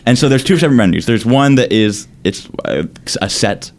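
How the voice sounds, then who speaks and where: A young man co-hosting a podcast, explaining a trip in halting, casual chat with frequent restarts. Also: mid-range voice, lively intonation, a little mellow.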